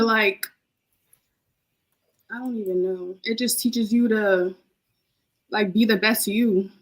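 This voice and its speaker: A woman's voice: mid-range voice, steady tone, slow pace, pauses often, poor audio. Emotional young woman, casual heartfelt talk. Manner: emotional, heartfelt, repeats phrases. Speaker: podcast guest. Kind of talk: casual chat.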